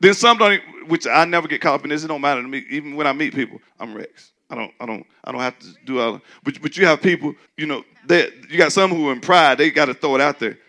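A male pastor with a high, bright, gravelly voice delivers a sermon in a relaxed, conversational style. He swings from low, muttered asides to shouted points. When he quotes skeptics, he jumps into a squealing, mocking voice. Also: quick pace, few pauses.

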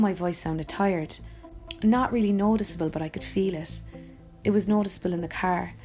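A woman's voice: on the low side, darkish tone. A woman with an Irish accent, an actor and voice-over artist, reading her own blog post aloud in a reflective, wry and personal way.

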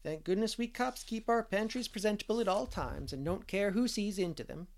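A man voicing a small, kindly spinster woman who talks in a brisk, reassuring way. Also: high-pitched, pitched above the performer's own voice. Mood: amiable.

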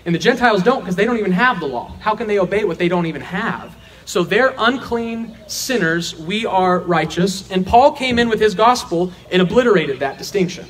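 A man's voice: high voice, expressive, normal speed, few pauses, a bit bright. A man teaching a verse-by-verse sermon, earnest and emphatic, asking rhetorical questions and answering them himself. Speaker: Bible teacher.

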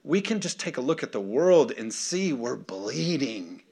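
A man's voice: medium pitch, very animated, unhurried, creaky, a little mellow. A male pastor preaching an emphatic sermon, often calling for the congregation's response.

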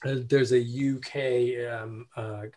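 A man's voice: mid-range voice, flat delivery, darkish tone. Hesitant man in casual chat. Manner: hesitant, many fillers and restarts, quick agreement.

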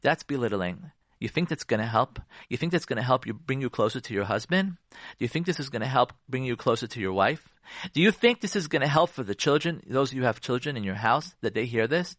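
Animated man giving marriage advice. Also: mid-range voice, fairly quick, dry recording, clean studio sound. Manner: animated, acts out conversations and asks the listeners questions. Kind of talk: radio talk.

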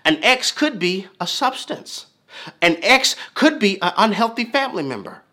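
A male preacher with a high, bright voice that swings widely in pitch. He preaches with emphasis, repeating lines and building in waves. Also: very animated, moderate pace. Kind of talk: sermon.

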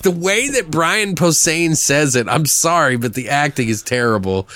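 A man's voice: on the high side, lively intonation, normal speed, hardly any pauses, fairly bright tone, no room sound. Laid-back profane man chatting about movies. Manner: profane, laughs often, acts out quotes. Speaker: podcast host. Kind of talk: casual movie discussion.

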